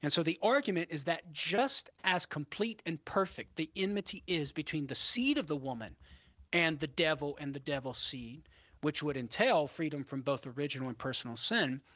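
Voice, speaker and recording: A man with a fairly high, bright and forceful voice answers questions as a radio guest. He explains carefully and at length. The sound is dry and close on a studio microphone. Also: expressive, no room sound. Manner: measured and explanatory. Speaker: guest expert on a radio show.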